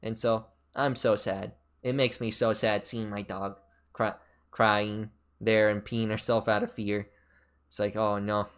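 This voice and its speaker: A man streaming a casual chat, telling a rambling story full of fillers and restarts, his pitch jumping sharply up and down. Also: level tone, measured pace, smooth. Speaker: VTuber streamer.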